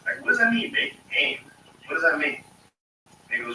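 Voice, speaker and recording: Profane, wildly animated man telling stories. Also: fairly high pitch, moderate pace, echoey room, recorded from a distance, background noise. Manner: profane, rambling, with frequent fillers. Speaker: storyteller. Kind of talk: casual anecdotal storytelling.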